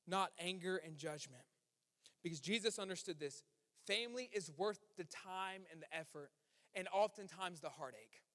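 A pastor preaching a sermon, building to emphatic peaks and falling to hushed endings. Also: male voice, sits high. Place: church sanctuary. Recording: long reverb of a church hall.

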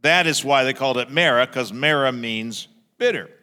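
A man preaching a sermon as pastor, animated, acting out a grumbling crowd in raised voices. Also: medium pitch, normal speed, clean tone, big-room sound.

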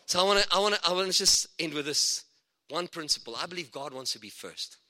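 Excitable preacher in a reverberant hall. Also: male voice, a little high, quick pace. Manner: animated, excitable preaching with asides and laughs. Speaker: guest preacher. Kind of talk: sermon.

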